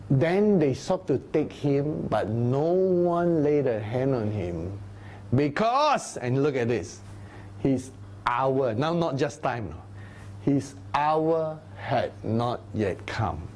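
A man teaching a Bible study sermon, animated, sometimes dropping into low, grave tones. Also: slow pace. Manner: animated, acts out crowd voices in a raised voice; drops to low, grave tones for solemn points.

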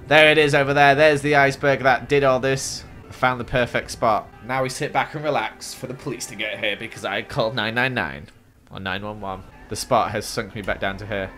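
A young man giving excitable gameplay commentary as a gaming YouTuber, with dramatic exclamations and gasps. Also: medium pitch. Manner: animated, exclaims and gasps often, dramatic reactions.

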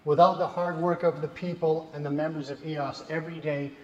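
Presenting awards from the stage of a big banquet hall, a man gives a heartfelt speech, occasionally choking with emotion. He talks fairly quickly in a fairly high voice with fairly even intonation. The sound is lo-fi and echoey with long reverb, slight noise, and music and crowd in the background.

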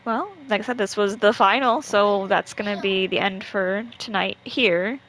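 A woman's voice: medium pitch, moderate pace, a bit bright, rough recording. A woman streaming a game from home, chatting easily with her co-host and viewers and laughing often. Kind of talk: casual live-stream chat. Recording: faint background noise.

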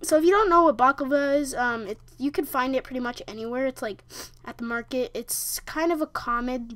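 Young woman, high bright voice, unhurried rambling game commentary with lots of fillers. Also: no echo. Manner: rambling, halting with fillers and restarts. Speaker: gamer. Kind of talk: casual gameplay commentary.

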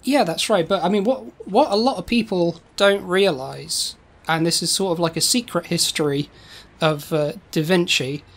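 A woman co-hosting a comedy podcast, telling a rambling tall tale in a deadpan way. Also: lowish voice, moderate pace. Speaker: co-host.

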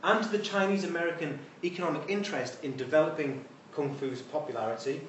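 Speaking a little high and quickly, a man delivers a casual university lecture full of wry conversational remarks. He's recorded from a distance by a room mic in an echoey hall, with a little hiss or hum.

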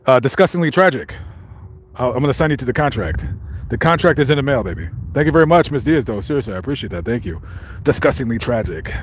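A man's voice: mid-range voice, sing-song, fast talker, a little hiss or hum. A man casually chatting to his live stream viewers while walking around, rambling with lots of fillers and restarts. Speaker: vlogger reading live chat.

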